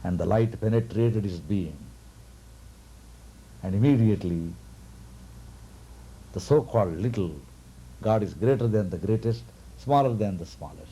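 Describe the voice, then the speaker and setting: A man who is a spiritual teacher, telling a devotional story in a lilting way with soft chuckles. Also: on the low side, unhurried, long pauses, slightly rough.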